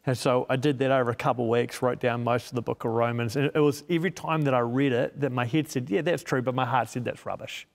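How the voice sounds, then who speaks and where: A man's voice: medium pitch, fairly even intonation, fast talker, creaky, hardly any pauses, big-room sound. A man, a media missionary, giving an earnest personal testimony in an interview and acting out the voices in his head as he tells it.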